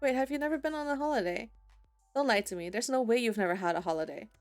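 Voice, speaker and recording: A woman's voice: fairly high pitch, quick pace, no echo, faint music behind. A woman streamer playing a visual novel, reading her lines in a playful, teasing way. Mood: incredulous.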